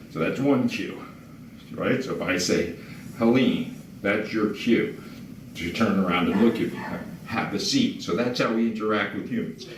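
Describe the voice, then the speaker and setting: A calm man teaching dog training, his voice lively and rising and falling as he explains and gives short commands. He sounds set back from the mic in an echoey room, with steady background noise. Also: lowish voice, distant mic. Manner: calm, explains while giving commands to dogs. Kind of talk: instructional demonstration. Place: indoors at a house.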